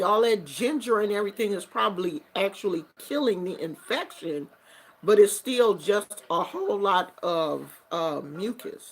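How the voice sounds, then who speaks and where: A woman hosting a show and telling a story in casual chat, animated and acting out what people said. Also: medium pitch. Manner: animated, acts out quotes. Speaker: host.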